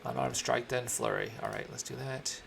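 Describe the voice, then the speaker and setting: A man acting as dungeon master, narrating combat and fighting with the game software. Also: medium pitch, fairly even intonation, moderate pace. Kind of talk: running a tabletop game online. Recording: clear background music.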